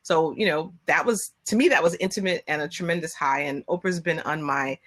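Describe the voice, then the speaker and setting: A woman chatting on a video call, telling a personal story at length. Her voice sits on the lower side. She gets animated and acts out quotes with sudden high-pitched bursts. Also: a little fast. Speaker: guest. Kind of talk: casual storytelling.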